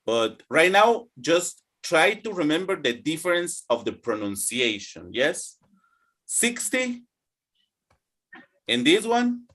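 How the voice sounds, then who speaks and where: A man with a slightly high, sing-song voice takes it slowly as he teaches English numbers online. His tone is a bit bright, and he patiently drills the students while checking in with them often.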